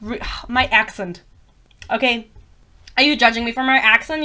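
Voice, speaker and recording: A bilingual woman with a slightly high voice ranting in a casual vlog. She is blunt and sarcastic and swears without a second thought. She keeps cutting herself off and drifting into tangents. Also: normal speed, sharp tone. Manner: rambling, self-interrupting tangents. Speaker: book reviewer.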